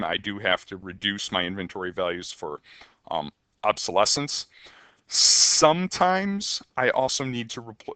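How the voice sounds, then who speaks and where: A man with a bright, fairly low voice explains accounting in a relaxed lecture. He thinks aloud with ums and poses rhetorical questions. The recording is dry with no room sound. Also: no room sound. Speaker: accounting instructor.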